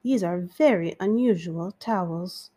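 A woman voicing a mild, polite gentleman of the house in a storybook reading, mildly puzzled. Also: fairly low pitch, measured pace.

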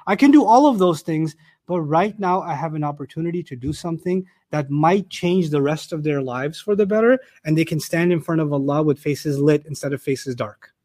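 A man's voice: high-pitched, darkish tone. Emphatic man teaching scripture. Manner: emphatic, repeats phrases for stress. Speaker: Quran teacher. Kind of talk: Quran commentary lecture.

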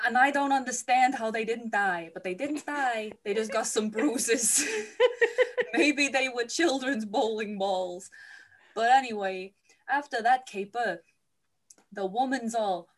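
A woman's voice: fairly high pitch, slow. A woman hosting a comedic movie recap, joking and giggling through playful asides. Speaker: podcast host.

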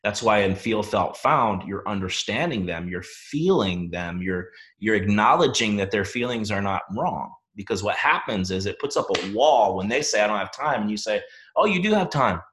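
A man's voice: fairly low pitch, expressive, moderate pace, hardly any pauses, a bit bright. A man hosting a coach training session, giving an emphatic motivational talk and asking the audience questions.

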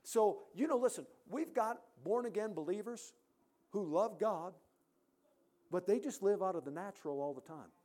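Guy with a pretty high voice preaching in a church, gets loud then drops way down quiet. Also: animated, normal speed. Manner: emphatic, swings between loud peaks and quiet drops. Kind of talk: sermon.

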